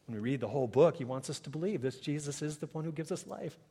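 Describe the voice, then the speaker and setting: A male pastor delivering a sermon in a church, moving from quiet asides to rising, emphatic preaching. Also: a little high, expressive, fast, husky. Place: church sanctuary. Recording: long reverb of a large hall.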